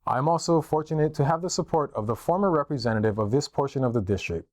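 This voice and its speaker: Man reading a steady campaign statement. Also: mid-range voice, fast talker, dry recording. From Hawaii. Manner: steady, formal delivery. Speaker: political candidate.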